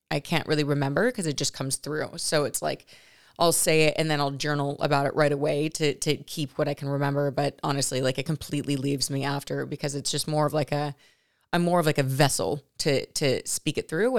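A young woman with a low voice and plenty of vocal fry recounts a personal spiritual experience for her vlog. She rambles and restarts her sentences, and her voice often sinks to a soft near whisper. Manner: rambling, halting, full of self-corrections. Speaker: vlogger. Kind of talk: reflective personal storytelling.

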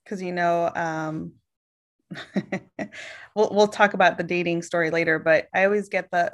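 A woman from the United States in casual conversation, telling stories with lively quoted voices. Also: on the low side, unhurried, long pauses. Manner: animated storytelling, acts out quoted people.

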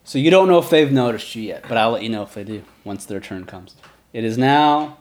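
A man's voice: mid-range voice, animated, brisk, darkish tone, slight background noise. A man running a tabletop game as game master, narrating and explaining rules patiently.

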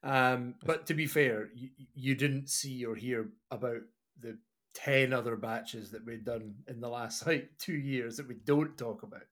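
A man's voice: medium pitch, steady tone, a little slow, a bit bright. A man, co-hosting a podcast in casual, laughing banter. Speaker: podcast co-host and home brewer. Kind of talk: casual chat.

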